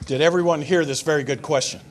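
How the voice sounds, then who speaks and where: An older man giving a public talk at a foreign affairs forum, telling an anecdote in an animated way and taking audience questions. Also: a little high, fast talker, a faint crowd, slight background noise. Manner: animated storyteller, voices characters in his anecdote. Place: lecture room before an audience.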